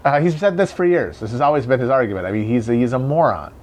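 A man's voice: mid-range voice, lively intonation, fast, darkish tone. A man hosting a casual, rambling political commentary, sardonic and profane. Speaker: commentator host.

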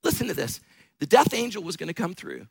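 A middle-aged man preaching a sermon as pastor, telling stories with bursts of shouting and laughter. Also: high voice, big pitch swings, quick pace, creaky, husky, dry recording.

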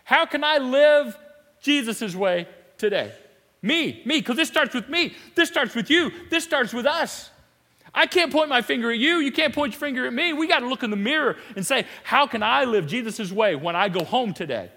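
A man preaching a sermon. He is animated and emphatic, repeats phrases and laughs often. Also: extremely high pitch, fairly quick, in a large hall. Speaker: pastor. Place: church sanctuary.

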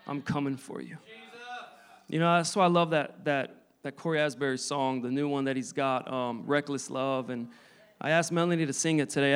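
A man in his thirties preaching a sermon, telling his testimony in an earnest, halting way with many restarts. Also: on the high side, clean tone.

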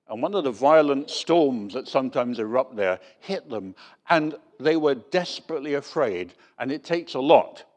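A man preaching a sermon, telling Bible stories in a storytelling manner and acting out the voices of the people in them. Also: medium pitch. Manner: storytelling, animated, acts out voices in quotes.

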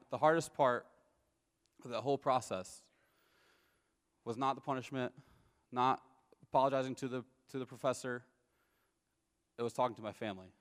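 A young man in his twenties gives a personal testimony to an audience in a large hall. His voice is medium-pitched, and he tells his story casually, repeatedly checking in with the listeners.

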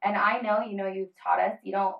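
A woman in her thirties talking earnestly about family and faith in a casual conversation, with many fillers and pauses. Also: medium pitch, fairly even intonation, creaky. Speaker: guest. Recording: slightly dull lo-fi audio.

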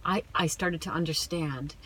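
A woman's voice: low-pitched, normal speed, fairly bright tone, husky. A middle-aged woman giving an earnest, emphatic faith testimony as a guest speaker in a podcast conversation.

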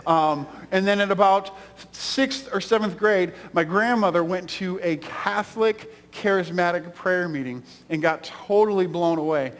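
A man's voice: high-pitched, unhurried, few pauses, in a large hall. A man pastor preaching a sermon with an emphatic, repetitive cadence in a church sanctuary.

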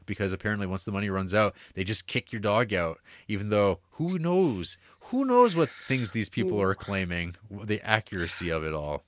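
A man's voice: lowish voice, moderate pace, no room sound, studio quality. A man on a podcast, casually and animatedly retelling a film's plot, cursing freely. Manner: animated storyteller, drops into quoted voices; curses casually. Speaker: podcast co-host. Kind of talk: casual chat retelling a film.

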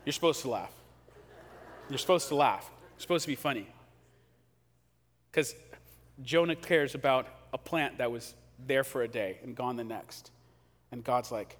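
A man preaching a sermon in a casual, animated way, acting out quotes, in a church hall. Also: medium pitch, moderate pace, long pauses. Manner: conversational, animated, acts out quotes. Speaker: pastor. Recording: long hall reverb.

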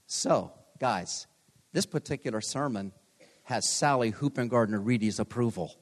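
A man's voice: mid-range voice, normal speed. A man in his sixties, a pastor giving a homecoming chapel sermon, telling stories with self-deprecating humor. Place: large chapel. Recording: long hall reverb.

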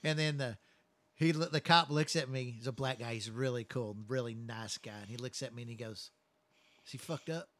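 A man's voice: medium pitch, steady tone, brisk, a bit bright. Blunt, profane man telling rambling stories. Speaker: first responder telling stories. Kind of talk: casual storytelling chat.

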